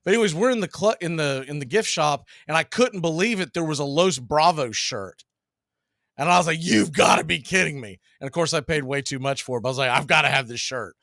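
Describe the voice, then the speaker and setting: Man, middle-aged, chatty play-by-play, slightly high voice, laughs through anecdotes. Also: quick pace, a bit bright, dry recording, studio quality. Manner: chatty, laughs while telling stories between pitches. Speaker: baseball play-by-play streamer. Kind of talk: casual play-by-play with storytelling.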